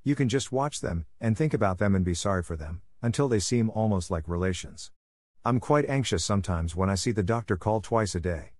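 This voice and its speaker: A man's voice: lowish voice, brisk, no room sound, clean studio sound. A man voicing a proud, composed young girl. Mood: gentle. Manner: calm, polite, grand.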